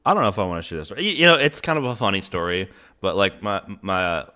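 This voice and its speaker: A man's voice: low voice, very animated, quick pace, bright, forceful tone, smooth. A young man interviewing a guest in a casual chat, rambling with many "um"s and "you know"s. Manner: rambling, many fillers and restarts. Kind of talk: casual conversation.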